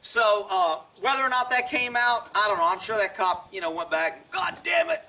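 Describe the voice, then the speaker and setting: Bright-voiced man telling a story. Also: high-pitched, normal speed, far from the mic. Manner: chuckles often, acts out quotes in a raised voice. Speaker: vlogger telling a personal story. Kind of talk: casual storytelling.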